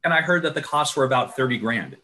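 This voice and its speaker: A man giving a lively webinar talk on renovation loans over a video call, coaching his listeners and acting out client conversations. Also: mid-range voice, quick pace. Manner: energetic, coaching, acts out client dialogue. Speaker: renovation loan trainer. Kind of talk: webinar presentation.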